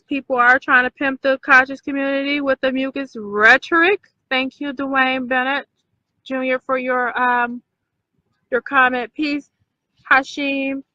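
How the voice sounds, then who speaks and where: A woman's voice: high-pitched, pushed and bright, dry recording, muffled recording. A woman hosting a casual talk video for her viewers, emphatic, repeating points and checking in with "okay?". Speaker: video host.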